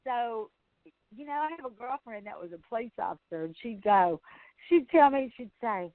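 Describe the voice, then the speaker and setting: A woman's voice: fairly high pitch, lively intonation, moderate pace, no room sound. A woman, hosting a sales training call in casual, rambling, folksy chat. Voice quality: chatty, rambling, folksy storyteller. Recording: tinny phone line.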